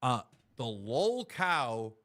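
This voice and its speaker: A man's voice: mid-range voice, sing-song, extremely slow, a bit bright. A man hosting a live stream, ranting in an exasperated, complaining way with plenty of swearing. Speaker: show host.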